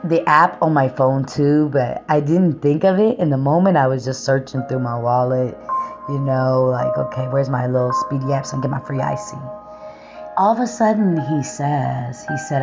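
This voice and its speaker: A woman hosting a faith talk show, telling a story in a casual, animated way and often laughing. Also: rumbling low, moderate pace. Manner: animated, laughing storyteller, voice rising when excited. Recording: dull lo-fi audio with faint music.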